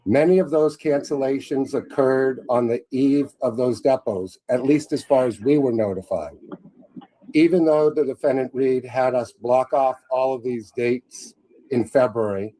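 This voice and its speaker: A man attorney reading a prepared statement to a judge at a hearing, formal and measured. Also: medium pitch, mellow, poor audio.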